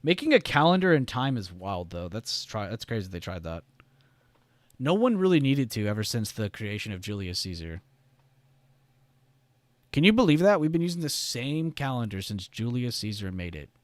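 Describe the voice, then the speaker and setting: A man's voice: medium pitch, sing-song, moderate pace, dry recording. Rambling young man hosting a live stream. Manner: rambling, reads chat aloud, swears casually. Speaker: live-stream trading host. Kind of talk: casual live-stream chat.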